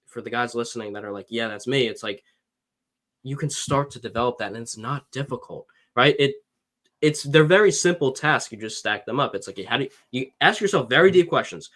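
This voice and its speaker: Talking fairly quickly at medium pitch, a man coaches listeners on dating during a relaxed podcast conversation. He gets animated, performs the quotes he cites, and curses in an offhand way.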